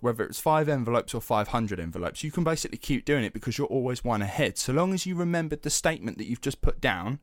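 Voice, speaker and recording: A young man hosting a podcast, telling a story in an animated, casual way, swearing freely and using lots of fillers. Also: medium pitch, no room sound, studio quality. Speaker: podcast host.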